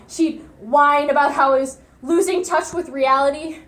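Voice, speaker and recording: A young woman playing a high-voiced unhinged loner. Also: fairly even intonation, normal speed, roomy sound. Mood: bitter, wistful. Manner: lurches between hushed murmurs and shrill outbursts. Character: unhinged young loner raised by television, violent. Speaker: speech competitor. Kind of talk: dramatic monologue performance.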